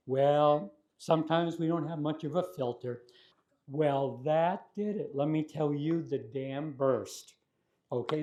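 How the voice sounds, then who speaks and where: A man with a mellow, slightly high voice tells a moral story to children as their martial arts instructor. He speaks gently and patiently, pausing to check that his listeners follow along. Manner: gentle, often checking in with "okay?".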